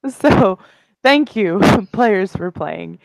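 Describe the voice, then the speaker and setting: A woman running a tabletop game as game master, giggly and animated. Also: medium pitch, extremely slow, vocal fry, no room sound, low-quality recording.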